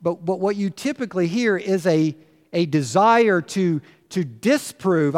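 A man's voice: fairly high pitch, expressive, measured pace. A man preaching a sermon as pastor in his church, emphatic and full of rhetorical questions. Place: church sanctuary. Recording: long church reverb.

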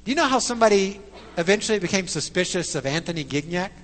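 Lively, slow-preaching man in a reverberant hall. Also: sits high. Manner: emphatic, frequent tag questions. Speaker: pastor. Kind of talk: sermon.

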